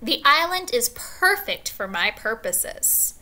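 A woman's voice: a little high, big pitch swings, slow pace, sharp tone, heavily acted. A woman reading aloud, voicing a suave aristocratic male general who is a hunter. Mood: proud.

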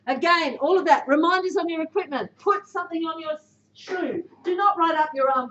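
A woman's voice: extremely high pitch, fairly quick, a bit bright. A woman giving a direct, blunt motivational talk to a football team. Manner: direct, blunt, punchy coaching delivery. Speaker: speaker addressing a football team. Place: indoor room with a team. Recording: echoey room, dull lo-fi sound.

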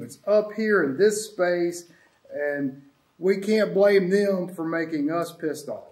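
A man's voice: fairly high pitch, darkish tone, echoey room. A man hosting a casual spiritual talk, rambling and reflective in an easygoing way. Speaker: host. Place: sanctuary room with friends.

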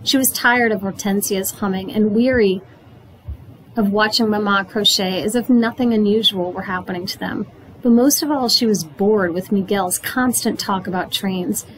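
Woman narrator, chapter book read-aloud, steady, clear, average pitch. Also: normal speed, a little hiss or hum, rough recording.

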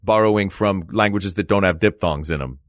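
Man host, low voice, dry close mic, animated jokey riffing. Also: fairly quick, no room sound. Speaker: podcast host. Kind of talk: casual chat.

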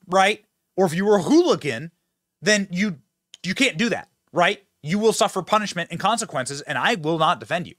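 A man hosts a political commentary show, talking fast and emphatically and addressing his audience directly. His voice sits high and is a bit bright, in a dry recording with clean studio sound.

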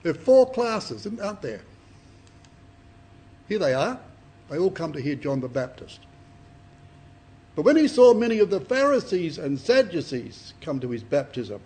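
Husky guy preaching a bible study, high voice that swings up and down, dramatic readings. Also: normal speed, long pauses. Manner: animated, dramatic scripture reading with rhetorical questions.

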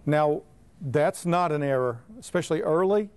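A man's voice: fairly high pitch, animated, moderate pace, darkish tone, clean tone, no room sound. A man giving assured, plain-spoken explanations in an interview as a reading intervention expert.

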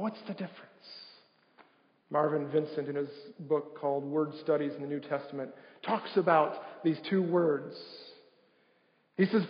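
A male pastor preaches from the pulpit and keeps asking his listeners questions. His voice sits high for a man. The sound is dull and lo-fi, and it rings out in a reverberant sanctuary. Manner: preaching with rhetorical questions to the congregation. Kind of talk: sermon. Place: church sanctuary. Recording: dull livestream audio in a reverberant church.

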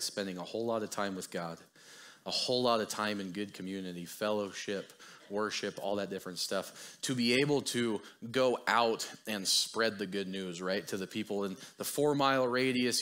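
A young man giving a casual, chatty sermon as a guest preacher, self-deprecating and quick to laugh. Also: lowish voice, fairly bright tone.

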